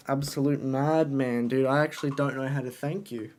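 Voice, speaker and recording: A young man chatting casually on a live stream, talking to his chat, excitable and swearing often, into a desk microphone. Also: mid-range voice, moderate pace, few pauses, slight background noise. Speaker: livestreamer.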